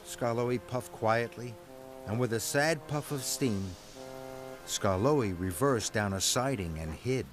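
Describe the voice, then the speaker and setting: A man reading a children's storybook aloud, with slow and expressive narration. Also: medium pitch, over music.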